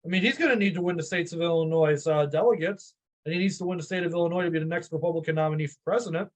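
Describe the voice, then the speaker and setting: A man with a Chicago accent, a panelist in a casual political discussion, chatty and thinking out loud. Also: a little high, racing. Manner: chatty, musing, self-questioning.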